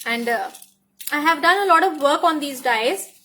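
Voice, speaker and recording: An Indian woman with a high, bright voice walks through a craft product demo with eager enthusiasm. She repeats herself often and drops into Hindi now and then. Her tone stays lively and keeps inviting you to look closer. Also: normal speed. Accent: Indian English. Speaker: craft die designer presenting new products. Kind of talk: product demonstration tutorial.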